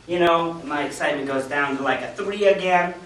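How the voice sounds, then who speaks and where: Pitching a business opportunity, this male seminar speaker addresses a roomful of listeners with lively stories, impersonating those he quotes. He talks a little fast in a high, somewhat bright voice, with slight background noise, an echoey room, and a faraway mic.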